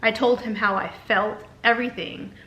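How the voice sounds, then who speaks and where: A woman's voice: a little high, fairly even intonation, normal speed, pushed and bright, highs cut off. A woman candidly telling a personal story in a vlog, emotional and repeating herself as she talks. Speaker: vlogger. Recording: echoey room.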